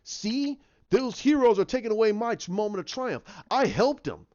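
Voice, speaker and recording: A man's voice: sits high, expressive, normal speed, darkish tone, pitched above the performer's own voice. A man imitating a scheming male villain who pleads indignantly that his credit is being taken, in a dull lo-fi recording. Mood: aggrieved whining. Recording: dull lo-fi sound.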